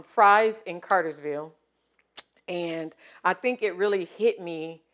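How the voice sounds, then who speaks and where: A woman chef hosting a casual interview, telling stories in an animated way and laughing often. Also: fairly low pitch. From American South.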